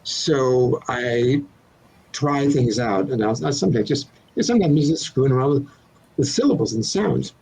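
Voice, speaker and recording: A man's voice: medium pitch, expressive, moderate pace, vocal fry, a little mellow, breathy edge, rough recording. An older man, a children's author being interviewed, explaining his craft in a thoughtful, playful way with examples. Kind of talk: relaxed interview answers.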